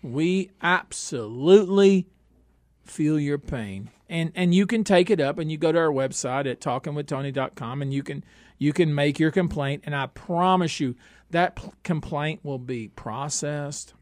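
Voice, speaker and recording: A man hosting a comedic radio talk show, boisterous and jumping between loud bursts and low asides. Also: measured pace, no echo, studio quality. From Northeast Texas.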